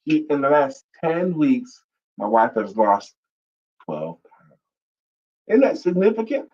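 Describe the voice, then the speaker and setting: A man co-hosting a casual talk show with his wife, a playful, teasing storyteller with a husky voice. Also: fairly high pitch, very animated, slow pace, highs cut off. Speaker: co-host.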